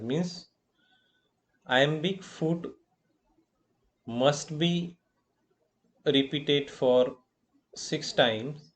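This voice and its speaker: Male professor with an Indian English accent, very slow and deliberate, halting delivery with fillers and self-corrections. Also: a little high. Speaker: college professor. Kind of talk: slow lecture on poetic meter.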